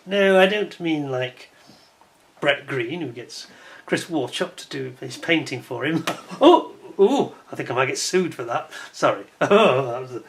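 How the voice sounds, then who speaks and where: A man doing an impression of a roguish upper-class English cad, with a posh English accent and a plummy, chuckling, drawn-out delivery. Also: on the high side, expressive, slight background noise. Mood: roguish, gleeful. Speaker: host.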